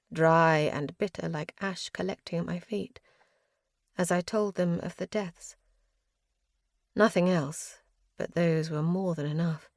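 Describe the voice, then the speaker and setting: A woman's voice: lowish voice, dry recording. Woman narrating a fantasy audiobook, dry and close.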